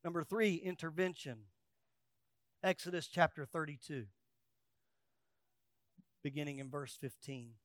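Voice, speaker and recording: High-voiced pastor preaching, dry sound. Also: male voice, measured pace, long pauses, no room sound. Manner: swings between loud emphatic peaks and quiet asides; acts out quoted voices with humor. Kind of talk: sermon.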